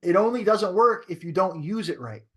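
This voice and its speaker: A man's voice: high voice, animated, moderate pace. A man who is a real estate broker teaching a training class in a coaching way, often checking in with "right?".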